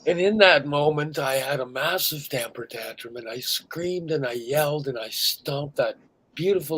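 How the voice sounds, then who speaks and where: A man's voice: on the high side, normal speed, fairly bright tone, breathy edge, low-quality recording. A middle-aged man co-hosting a podcast, telling a painful memory candidly and dropping almost to a whisper at the heaviest moments. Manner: emotional storytelling, drops to a near whisper at heavy moments. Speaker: podcast co-host. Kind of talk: candid conversation.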